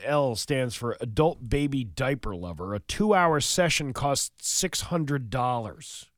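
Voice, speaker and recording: A man's voice: mid-range voice, a little slow, no room sound. Radio guy reading weird news, jokey, voice bounces up and down a lot, dry mic. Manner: playful, innuendo-laden, lively delivery. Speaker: radio morning show co-host. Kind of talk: reading news items and joking.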